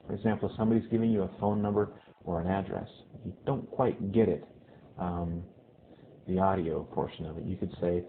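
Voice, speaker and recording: A male Spanish teacher giving a casual video lesson who often checks in with "okay?" and repeats phrases slowly. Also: lowish voice. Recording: tinny phone-like lo-fi audio with faint hiss.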